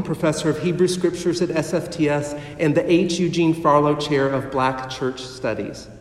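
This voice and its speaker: A pastor delivering a sermon, speaking in a slow, measured way with dramatic pauses. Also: male voice, on the high side, darkish tone. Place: church sanctuary. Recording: echoey hall heard from a distance.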